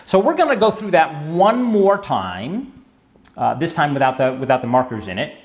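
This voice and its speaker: Male dance instructor, lively intonation, joking asides, checks in with the viewer often. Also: on the high side, normal speed. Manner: chatty, wry asides, checks in with "yes?" and "all right". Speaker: tango teacher. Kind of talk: instructional video lesson.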